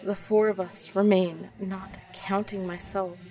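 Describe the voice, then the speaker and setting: A woman reading the lines of a proud, guarded pregnant elven princess, measured and bitter. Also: medium pitch, level tone, mellow, distant mic, slight background noise, lightly acted, poor audio.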